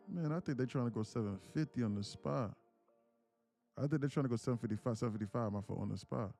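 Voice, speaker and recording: A man's voice: mid-range voice, fast, gravelly, dark tone, faint music behind. A man hosting a trading livestream, joking with chat in a playful, slangy way.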